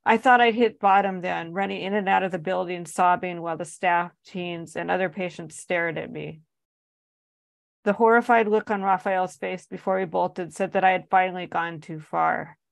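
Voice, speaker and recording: A woman with a lowish voice and a gravelly, fry-edged texture reads from her memoir. She delivers it earnestly and with strong emotion. The sound is close and dry. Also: fairly even intonation, normal speed, dry recording. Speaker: author reading her own work. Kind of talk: reading a memoir aloud.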